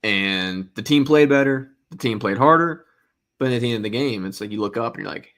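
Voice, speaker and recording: A man's voice: medium pitch, expressive, fairly quick, a bit bright. A man co-hosting a casual sports talk show, making blunt, opinionated points with rhetorical questions. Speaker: podcast co-host.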